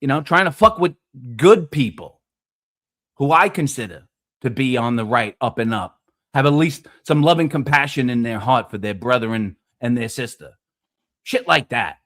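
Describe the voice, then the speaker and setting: A man's voice: medium pitch, moderate pace. Guy on a stream call going off, swears a lot, preachy, voice jumps all over. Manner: profane, preachy ranting; animated, loud emphatic bursts. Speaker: stream panel speaker. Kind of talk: casual streamed panel chat.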